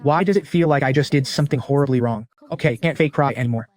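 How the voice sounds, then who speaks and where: A man's voice: mid-range voice, quick pace, darkish tone. A man narrating a comic story recap in the first person, in a slangy, wry and teasing way.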